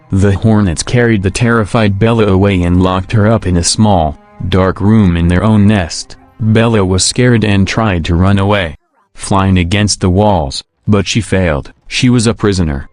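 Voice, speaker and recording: Storybook narrator, man, low and measured, faint music bed. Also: darkish tone.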